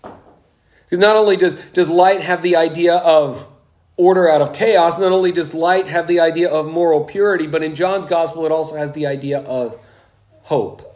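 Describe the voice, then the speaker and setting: A man preaching a sermon, slow and emphatic, with dramatic pauses. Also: a little high, fairly even intonation, a little mellow.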